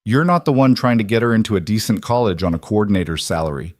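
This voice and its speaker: A man's voice: lowish voice, expressive, fast talker, no echo, clean studio sound. A man voicing an exhausted, proud young working woman in a storybook reading, his voice raised for her. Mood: strained. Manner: strained, weary, defensive.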